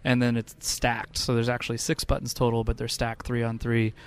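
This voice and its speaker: Tired, quiet-voiced male podcast host. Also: mid-range voice, monotone, fairly quick, clear, resonant tone. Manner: talking quietly, laid-back. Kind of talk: casual podcast chat. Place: hotel lobby.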